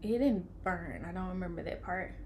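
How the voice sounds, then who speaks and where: A young woman, casually telling her own story in an animated way, acting out what people said and dropping to a hush for tired moments. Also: fairly low pitch, moderate pace, a little hiss or hum. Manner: animated, acts out quoted lines, swings from loud to hushed.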